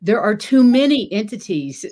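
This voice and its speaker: A woman's voice: medium pitch, very animated, moderate pace, warm tone. A woman hosting a casual chat, chatty and often laughing. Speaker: podcast host.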